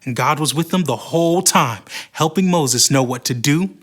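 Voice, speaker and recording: A man narrating a Bible story for children in a dramatic, expressive way. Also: fairly high pitch, normal speed.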